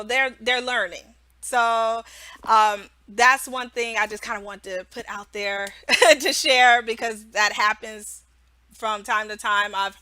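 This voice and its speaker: A woman's voice: a little high, pushed and bright, no echo. A woman who teaches English online, giving casual how-to tips in a chatty way, often checking in with "right?" and laughing.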